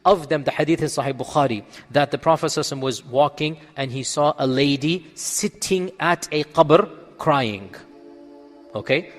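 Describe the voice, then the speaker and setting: With soft music in the background of a large hall, an Islamic scholar whose voice runs high talks a little fast as he answers questions in a religious lecture. Emphatically, he raises rhetorical questions, supplies the answers himself, and keeps asking the audience "Okay?".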